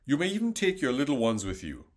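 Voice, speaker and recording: A man reading the lines of an angry, proud Egyptian king in a Bible story, commanding and at times shouting. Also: mid-range voice, wildly swooping pitch, fast, pitched above the performer's own voice. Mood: defiant.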